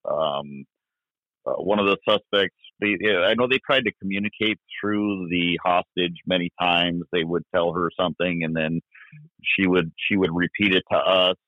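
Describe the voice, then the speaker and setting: A man, a former police officer, recounting events in an interview, halting with many fillers and restarts. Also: deep voice, no echo. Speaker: retired police officer guest. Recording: dry, tinny phone-like line.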